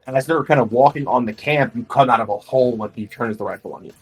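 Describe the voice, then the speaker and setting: A man's voice: medium pitch, fast, slight background noise, rough recording. A man narrating as game master for a tabletop role-playing game, describing scenes loosely with many fillers.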